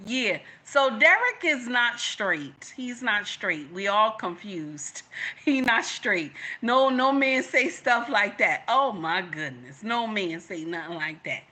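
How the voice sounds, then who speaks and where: Bright-voiced woman doing reaction commentary, animated, keeps repeating herself, chatting to viewers. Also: fairly high pitch, takes it slowly.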